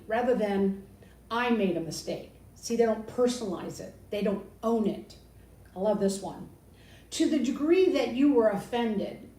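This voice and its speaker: An older woman teaches in a lively, conversational way, slipping into sarcastic quoted voices. Her voice sits mid-range for a woman. It is captured from a distance with a roomy sound and faint noise behind. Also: medium pitch, creaky. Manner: animated, mimics others with sarcastic quotes. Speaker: Christian speaker. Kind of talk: casual teaching talk. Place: balcony outdoors.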